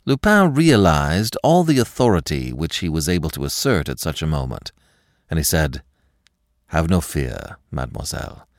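A man narrating a classic story as podcast host, expressive and measured in his storytelling. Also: extremely low pitch, no echo, clean studio sound.

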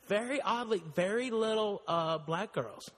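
A man co-hosts a casual chat, bantering with crude jokes. His pitch sits slightly high for a man. The room adds a long reverb. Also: measured pace. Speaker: show co-host. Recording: reverberant kitchen.

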